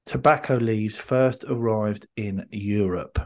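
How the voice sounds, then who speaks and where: A low, slow-speaking man hosts a casual podcast, telling a rambling story with many ums and restarts.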